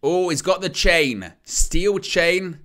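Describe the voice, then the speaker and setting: Guy doing live wrestling play-by-play, bright voice, jokey and excitable. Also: sits high, slow. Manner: joking, excitable play-by-play with laughs. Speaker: watch-along host. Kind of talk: live wrestling watch-along commentary.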